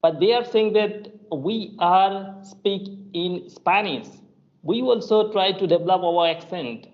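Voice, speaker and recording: A man's voice: high voice, measured pace, lo-fi sound. A man with an Indian English accent, an English tutor chatting casually and hesitantly, with many fillers and restarts. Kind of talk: casual conversation practice.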